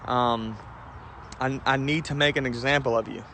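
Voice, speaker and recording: A man's voice: mid-range voice, fairly even intonation, normal speed, bright, forceful tone, a little hiss or hum. A man taunting a rival fighter in a cocky, mocking callout video. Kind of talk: trash-talk callout video.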